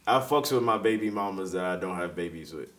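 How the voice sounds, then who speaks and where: A man's voice: sits low, lively intonation, fairly quick, a bit bright. A man appearing as a podcast guest, trading playful, boastful jokes. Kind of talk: casual comedic banter.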